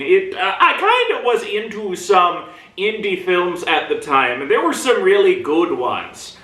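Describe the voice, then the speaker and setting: A man giving a casual movie review to a camera, talking in halting bursts with many fillers and pauses, and swinging his pitch between low and high in play. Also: sing-song, pushed and bright, distant mic. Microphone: camera mic at a distance. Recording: roomy echo, mic set back.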